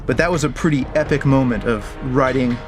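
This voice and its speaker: A man tells a story in an interview, jokey and animated. His voice sits at a middling pitch, and soft music plays faintly behind him. He speaks as a game developer looking back on the game. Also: fairly quick. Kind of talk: interview anecdote.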